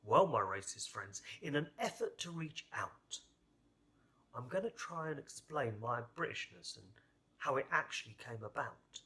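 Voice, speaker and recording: A man's voice: mid-range voice, expressive, measured pace, creaky, pushed and bright, husky. Sardonic man performing spoken word. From England. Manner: rhythmic, sardonic rhyming delivery. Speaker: poet.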